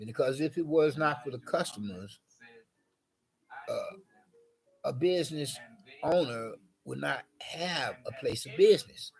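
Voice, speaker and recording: A man's voice: mid-range voice, low-quality recording. Rambling, wordy man talking to camera. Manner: wordy, repetitive, full of filler phrases. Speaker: vlogger.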